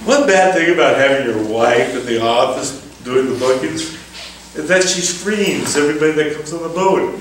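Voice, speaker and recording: An older man, a former fishing boat skipper, telling folksy stories to an audience, chuckling and acting out the voices in a high excited tone. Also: normal speed, background noise. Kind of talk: storytelling lecture. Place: town hall lecture room. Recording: echoey hall, far from mic.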